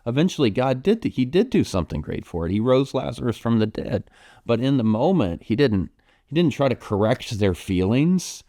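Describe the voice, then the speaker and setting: A pastor with a low, deep voice and an American accent talks through a congregation's question in a gentle, reflective manner. He pauses with ums and restarts his thoughts as he goes. The sound is dry and close, with no room echo. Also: lively intonation. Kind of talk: pastoral Q&A talk.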